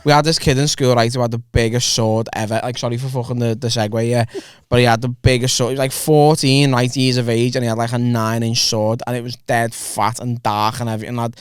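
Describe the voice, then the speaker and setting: Smooth-voiced young lad. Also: male voice, medium pitch, little pitch movement, a little fast, hardly any pauses, no room sound, clean studio sound. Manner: crude storytelling, says "lad" a lot. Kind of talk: casual chat.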